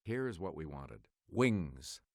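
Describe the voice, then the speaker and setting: A man hosting a quiz game, reading clues and answers in a crisp, measured announcer delivery. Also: low-pitched, sing-song, noisy background. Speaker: quiz show host.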